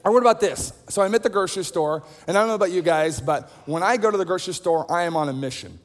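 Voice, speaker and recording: A man's voice: high-pitched, quick pace. A man preaching a sermon, telling everyday stories in a chatty, self-deprecating way. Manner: conversational storytelling with self-deprecating humor. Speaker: pastor. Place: large auditorium. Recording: long hall reverb.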